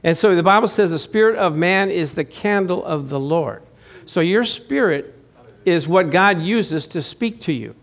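A middle-aged male pastor with a high-pitched voice preaches to his congregation in a chatty, conversational way. He poses rhetorical questions and often doubles back to repeat or restart his phrases. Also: lively intonation, moderate pace. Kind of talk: sermon.

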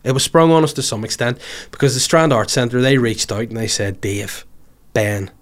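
A man hosting a casual podcast, his voice still a little hoarse from illness. He jokes and rambles, jumping between loud bursts and mumbled asides. His pitch sits in the middle range. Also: normal speed. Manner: animated, jokey, swings loud and soft. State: hoarse after covid. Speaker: podcast host.

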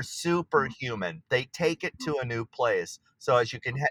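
A man's voice: mid-range voice, very animated, moderate pace, hardly any pauses, a bit bright, no room sound. A man speaking as an artist guest in an interview, talking with enthusiasm and sometimes searching for words. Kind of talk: interview conversation.

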